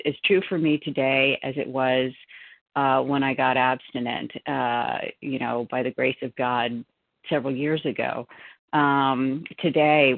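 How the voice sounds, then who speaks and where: A woman shares fervently at a recovery meeting, halting and repeating herself as she goes. Her voice has a gravelly edge and comes through a tinny phone line. The sound is dry. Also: rumbling low, no room sound. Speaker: meeting member sharing. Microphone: phone call.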